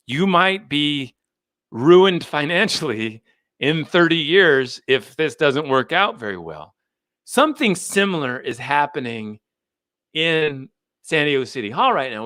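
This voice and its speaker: A man's voice: mid-range voice, bright, forceful tone, dry recording, clean studio sound. An American man hosting a livestream on local politics, emphatic and fired up. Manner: fired up, emphatic, laughs at himself. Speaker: host. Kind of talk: animated livestream commentary.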